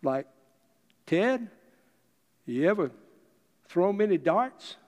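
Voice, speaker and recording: Man putting on a coach voice, pitched up, homespun, earnest, ringing hall reverb. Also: sing-song, takes it slowly, a little mellow, heavily acted. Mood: heartfelt. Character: folksy, optimistic American football coach, middle-aged man. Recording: long reverb of a large hall.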